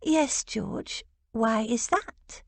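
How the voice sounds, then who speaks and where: A woman's voice: fairly high pitch, very slow, dry recording, voice pushed up, heavily acted. A woman voicing an arch, teasing young Regency lady with a blunt wit.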